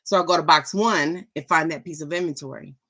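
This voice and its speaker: A woman's voice: deep voice, brisk, fairly bright tone. A middle-aged woman vlogging in a rambling, chatty and enthusiastic way. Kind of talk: casual chat.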